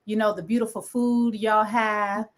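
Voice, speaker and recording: A woman hosting an interview, asking questions in a lively, conversational way. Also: medium pitch, unhurried. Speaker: interview host. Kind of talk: casual interview talk.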